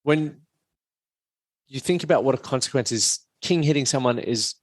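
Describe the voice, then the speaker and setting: A man's voice: medium pitch, moderate pace, dry recording. A man hosting a podcast as a coach, speaking frankly and reflectively with casual swearing. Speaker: podcast host, men's performance coach.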